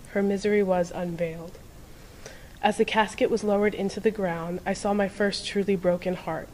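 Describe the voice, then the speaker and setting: A woman reading a first-person short story aloud in a steady, measured way. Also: mid-range voice, slight background noise, rough recording. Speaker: reader.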